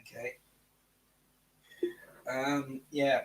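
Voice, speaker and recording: A man's voice: mid-range voice, flat delivery, drawn-out words, distant mic, slight background noise, rough recording. A man co-hosting a live chat stream, speaking with a South African-tinged Australian accent and reading out viewer comments. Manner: chatty, reads out viewer comments. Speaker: co-host.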